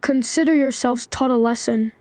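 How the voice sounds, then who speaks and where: A synthetic female voice reading the lines of a stern young man who lectures in an even tone. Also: a little high, moderate pace, dry recording, natural voice.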